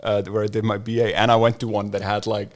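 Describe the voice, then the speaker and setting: Relaxed male novelist. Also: fairly low pitch, fast. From Iceland. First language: Icelandic. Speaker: novelist guest. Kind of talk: casual livestream discussion.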